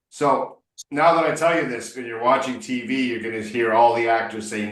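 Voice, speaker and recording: A man's voice: mid-range voice, steady tone, moderate pace, hardly any pauses, a bit bright. Emphatic male coach in a roomy echo. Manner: emphatic, corrective, playful. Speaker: English speaking coach. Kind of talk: one-on-one tutoring session. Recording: roomy echo, distant mic.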